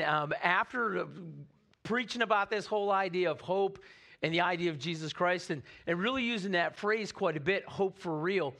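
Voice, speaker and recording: A male pastor giving a lively Christmas Eve sermon in church, calling on the congregation to respond. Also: sits high. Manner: energetic, calls on the congregation to respond. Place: church sanctuary.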